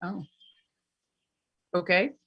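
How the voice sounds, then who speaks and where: A woman's voice: fairly low pitch, very slow, bright, forceful tone, husky. A woman hosting a virtual storytelling show in a joking witch persona, rambling and hammy over a video call. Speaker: emcee in witch character.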